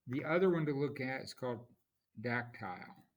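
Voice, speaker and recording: A man teaching a lecture on poetry, speaking haltingly with frequent pauses and restarts, sometimes tapping out rhythms aloud. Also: medium pitch. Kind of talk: classroom lecture.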